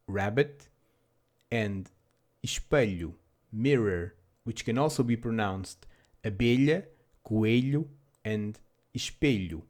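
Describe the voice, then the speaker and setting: A man's voice: mid-range voice, a little mellow. A man narrating a scripted language lesson with dry, self-deprecating humor. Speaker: language teacher.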